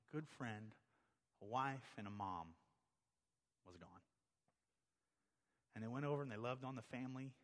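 A middle-aged man preaching a sermon as pastor, talking conversationally and telling stories, then rising to emphatic peaks. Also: medium pitch. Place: church sanctuary. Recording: long hall reverb.

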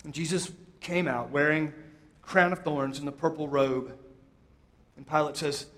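A man preaching a sermon, retelling a scripture story with dramatic pauses and quoted lines. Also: steady tone. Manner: storytelling, voices quotes with rising pitch, drops soft for emphasis.

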